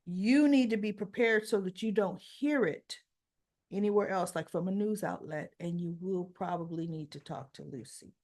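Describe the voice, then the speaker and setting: A woman's voice: lowish voice, moderate pace, darkish tone. A woman voicing an earnest man who insists on delivering hard news. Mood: urgent.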